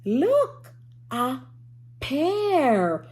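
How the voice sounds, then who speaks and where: Slow, sing-song woman teaching phonics. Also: mid-range voice, big pitch swings, a little mellow. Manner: slow, sing-song and encouraging, drops to whispers for suspense. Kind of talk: phonics lesson for young children.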